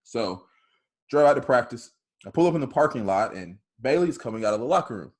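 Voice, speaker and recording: A man, a softball hitting coach, telling a story on a video call in a loud, bold way and acting out both sides of the dialogue. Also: medium pitch, lively intonation, brisk.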